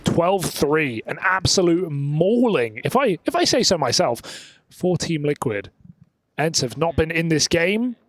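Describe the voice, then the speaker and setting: A man calling play-by-play on a pro esports match, with quick, emphatic calls and banter. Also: fairly high pitch, sing-song, no room sound. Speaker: esports caster. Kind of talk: play-by-play commentary. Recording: clear gunfire from game behind.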